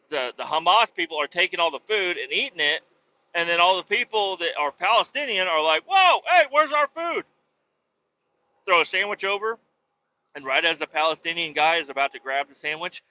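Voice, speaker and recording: A man's voice: a little high, pushed and bright, highs cut off. A man hosting a podcast, ranting in a rambling comedic way with lots of swearing and filler words. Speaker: podcast host. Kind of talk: comedic political rant.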